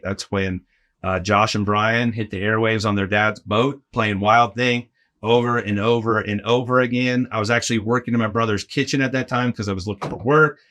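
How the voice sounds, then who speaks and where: A man telling a story in a casual podcast chat, animated and acting out other people's lines. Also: lowish voice. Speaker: podcast guest, arena game host.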